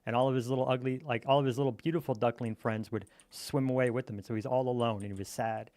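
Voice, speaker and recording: A man's voice: mid-range voice, steady tone, quick pace, a little mellow, no room sound. A man chatting casually while gaming, telling a silly campfire story in a playful, teasing way.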